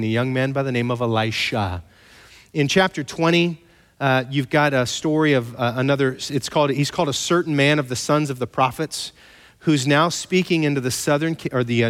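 A man preaching a sermon, retelling scripture as lively storytelling with playful asides and mock voices. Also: mid-range voice. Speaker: pastor. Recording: long hall reverb.

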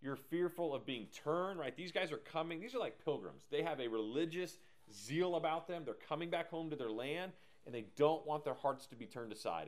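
A man teaching a casual Bible class with lots of energy, jokes and tangents. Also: mid-range voice. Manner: energetic, joking, digressive.

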